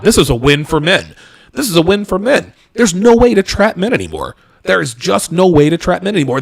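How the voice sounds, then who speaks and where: A man's voice: a little high, creaky. A male call-in show host who talks emphatically, repeats himself and asks rhetorical questions. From Miami area.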